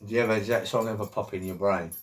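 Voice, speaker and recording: A man's voice: fairly low pitch, fairly even intonation, rapid-fire. A middle-aged man, talking in a chatty, rambling monologue full of jokey asides.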